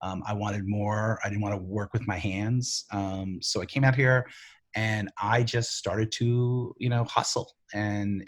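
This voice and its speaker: Husky middle-aged man telling stories. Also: fairly low pitch. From the Bronx, New York. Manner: animated, rambling, filler-heavy. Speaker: TV writer and showrunner, guest. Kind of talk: candid interview storytelling.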